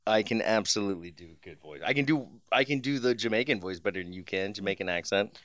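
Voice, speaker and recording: A woman's voice: a bass voice, animated, quick pace, no room sound. A woman co-hosting a podcast in casual chat, wry and laughing, often exasperated, recorded close on a podcast mic. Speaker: podcast co-host. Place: home podcast setup in New York.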